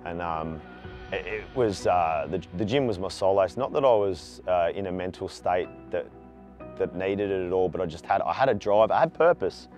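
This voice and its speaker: An Australian charity walker in his forties speaks at a normal speed in a low voice, with soft music in the background. In a candid, talkative interview about his own story, he gets animated when retelling events.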